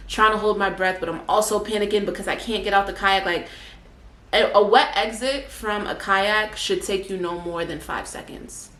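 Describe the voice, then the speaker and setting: A young woman telling a personal story in a casual vlog, chatty and full of fillers. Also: fairly low pitch. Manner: chatty, animated, many fillers. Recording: echoey room, faint background noise.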